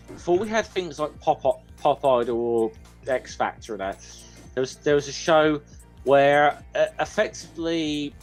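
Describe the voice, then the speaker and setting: A man guest on a casual online quiz who rambles and restarts his sentences. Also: a little high. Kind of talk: casual group chat.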